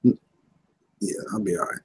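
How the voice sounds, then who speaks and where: A man's voice: slow pace, darkish tone. A man joining a livestream, chatting in an easygoing, folksy way. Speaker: livestream participant. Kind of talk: casual chat.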